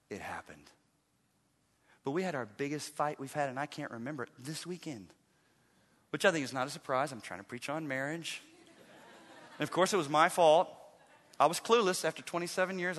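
A middle-aged man preaching a sermon as a pastor, animated, swinging from loud emphatic bursts to hushed intensity. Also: a little high, a little fast, in a large hall.

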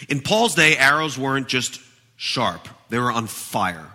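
A man pastor preaching a sermon, animated and emphatic, in a church with a long reverb. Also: mid-range voice, unhurried.

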